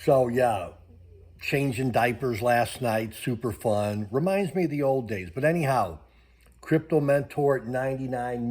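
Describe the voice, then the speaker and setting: A man's voice: medium pitch, measured pace, darkish tone. An older man, a grandfather, chatting casually and rambling to his channel's viewers with many fillers. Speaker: vlogger. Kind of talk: casual chat to camera.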